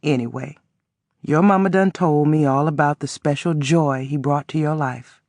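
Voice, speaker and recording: A man voicing a wheezing old man who speaks in a low, weak voice with a blunt, folksy manner in an audiobook. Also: moderate pace, darkish tone, no room sound, studio quality, natural voice.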